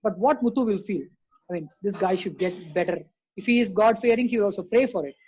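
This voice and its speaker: A man's voice: high-pitched, fast talker, darkish tone. A man in an online group discussion, arguing his point firmly and insistently. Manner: firm, insistent. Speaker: discussion participant. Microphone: online call. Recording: dull, muffled online call audio.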